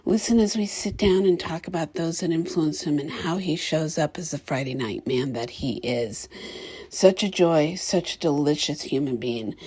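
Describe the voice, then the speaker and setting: A woman's voice: deep voice, normal speed, mellow, breathy edge. A woman hosting a podcast, reading her intro with gushing praise for her guest. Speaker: podcast host.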